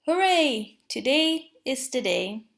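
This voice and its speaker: A fretful, exasperated male rabbit speaks from a storybook, given voice by a woman reading aloud. He talks slowly, with a high, slightly gravelly edge. He frets more than he rages. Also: big pitch swings, heavily acted. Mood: excited. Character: fussy anxious male rabbit.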